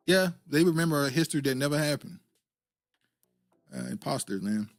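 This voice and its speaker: A man's voice: fairly high pitch, lively intonation, brisk, pauses often, dry recording, faint music behind. A man hosting a podcast, reacting casually to comments and clips and chuckling often. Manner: laid-back, chuckling, fillers. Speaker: podcast host.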